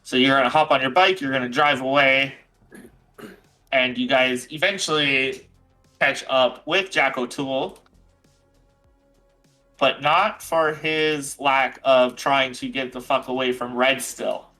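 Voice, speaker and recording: A man's voice: medium pitch, steady tone, unhurried, pauses often, pushed and bright, faint music behind, rough recording. A man running a tabletop game as game master, narrating moves and dice rolls in a casual way with many fillers.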